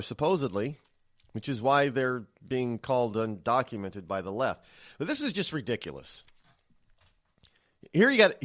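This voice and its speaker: A man hosting a talk radio show, giving solo political commentary in a rambling, indignant way, often repeating and restarting words. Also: on the high side. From United States.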